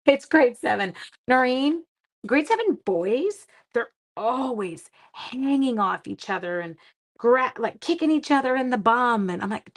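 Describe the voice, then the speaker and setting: A woman's voice: a little high, expressive, unhurried. A woman chatting her way through a live-stream card-making demo, self-mocking and talking to herself as she works. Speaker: seventh-grade teacher.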